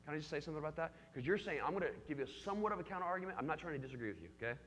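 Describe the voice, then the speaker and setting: Bright, fairly high man, youth leader engaging his group, long hall reverb and faint hum. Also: animated, very fast. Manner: engaging, questions the group by name. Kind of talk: interactive church youth teaching.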